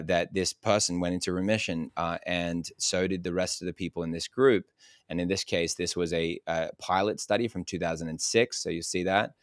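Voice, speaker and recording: Man, very low voice, eager and emphatic, dry close recording. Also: no room sound. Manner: excited, emphatic, restarts often. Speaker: guest. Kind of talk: enthusiastic interview talk.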